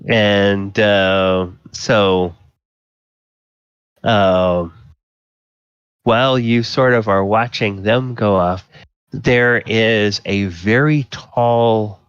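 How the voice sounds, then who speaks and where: A man running a tabletop game as dungeon master, narrating slowly with many ums and uhs. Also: lowish voice, steady tone, fairly bright tone, smooth, no room sound, dull audio. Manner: slow, filler-heavy descriptive narration.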